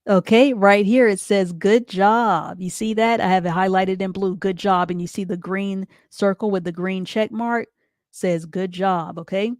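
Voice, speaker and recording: A woman teaching a live online reading class, patiently repeating each explanation step by step and reading sentences out slowly. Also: mid-range voice, steady tone, a little mellow, dry recording, studio quality. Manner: reads sentences out slowly and deliberately.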